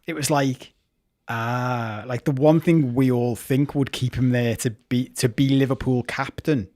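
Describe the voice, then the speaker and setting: A man's voice: medium pitch, steady tone, unhurried, darkish tone. A man co-hosting a football podcast in casual chat, talking with heated passion, swearing freely and restarting his sentences. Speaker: podcast co-host.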